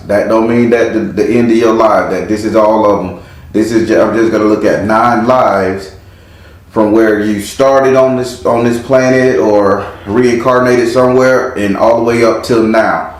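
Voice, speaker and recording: A man giving a casual spiritual tarot reading in a relaxed way, chanting words over and over as he reads the cards. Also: on the low side. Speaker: tarot card reader. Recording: very echoey room.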